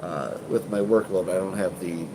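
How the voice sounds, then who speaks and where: This urban exploration channel host sounds congested as he talks loosely to live-stream viewers, full of "uh"s, restarts, and casual swearing. His low voice keeps a steady tone at a moderate pace, while a constant air-conditioning hum runs clearly underneath.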